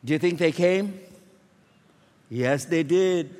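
High-voiced preacher in a reverberant hall. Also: male voice, takes it slowly. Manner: builds to shouted emphasis, storytelling with acted quotes. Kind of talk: sermon.

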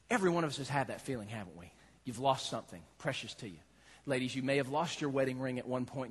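A man's voice: medium pitch, quick pace, slightly rough, in a large hall. A man preaching a sermon, telling a story in a playful, dramatic way. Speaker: pastor.

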